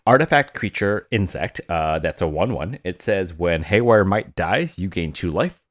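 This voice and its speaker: A man with a fairly low voice co-hosts a relaxed podcast. His pitch moves up and down a lot, and he stumbles and giggles a bit. The recording is dry, with no room sound. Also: normal speed, no echo. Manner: hesitant, fillers and restarts, giggly. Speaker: podcast co-host. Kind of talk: casual podcast chat.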